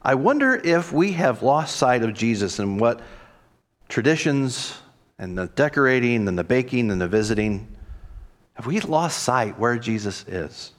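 A man's voice: mid-range voice, sing-song, unhurried. A man, a pastor, delivering a reflective sermon and voicing quoted dialogue expressively.

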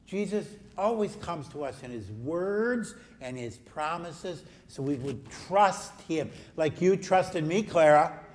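Gentle pastor talking to children. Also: male voice, fairly high pitch. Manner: gentle, coaxing, talks to children. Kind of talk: children's message in a church service. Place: church sanctuary.

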